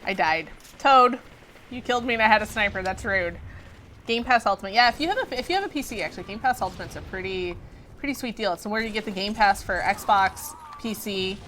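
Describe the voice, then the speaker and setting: A woman's voice: medium pitch, fairly quick, a bit bright, a little hiss or hum. A woman hosting a gameplay stream, playful and chatty while she plays and reads the chat. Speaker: stream host.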